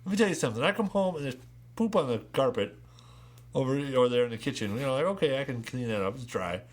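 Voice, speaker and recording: A man on a podcast in a home studio, rambling through stories and swearing freely. His voice sits at a middling pitch, and he tells it all with loose, animated energy. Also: fast. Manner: rambling, profane, animated storyteller. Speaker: podcast co-host. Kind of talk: casual podcast chat.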